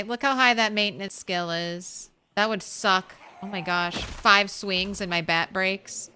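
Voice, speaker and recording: A woman's voice: medium pitch, fairly even intonation, unhurried, sharp tone, a little hiss or hum. A woman streamer chatting casually while she plays, thinking aloud and laughing easily. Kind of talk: casual gameplay commentary.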